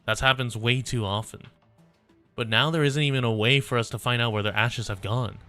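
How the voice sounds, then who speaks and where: A man voicing a stern young infected woman who accuses villagers in a measured, cold way, read aloud from a game story. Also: mid-range voice, fairly even intonation, sharp tone, faint music behind, natural voice. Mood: grieving.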